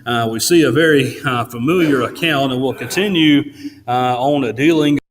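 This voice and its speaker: Man, preacher, halting delivery, many "uh" fillers, mid-pitched voice, long church reverb. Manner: halting, fills pauses with frequent "uh". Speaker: pastor. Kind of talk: sermon. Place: church sanctuary.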